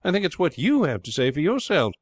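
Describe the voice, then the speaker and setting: A man's voice: fairly high pitch, huge pitch swings, normal speed, no room sound, clean studio sound, pitched above the performer's own voice. A man voicing a well-bred, spirited young lad who speaks earnestly and outspokenly in a storybook reading. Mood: indignant.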